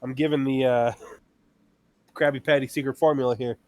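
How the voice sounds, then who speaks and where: A man in a relaxed podcast chat, spinning long stories about customers. He acts out the back-and-forth himself in an ordinary, mid-pitched voice. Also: brisk, no echo. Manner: storytelling, acting out customers and himself. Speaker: podcast co-host. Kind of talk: casual chat.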